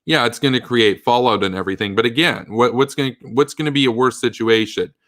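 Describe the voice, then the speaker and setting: A man's voice: medium pitch, brisk, a bit bright, no room sound. A man giving blunt, emphatic political commentary on a livestream, thinking aloud and reading viewer comments.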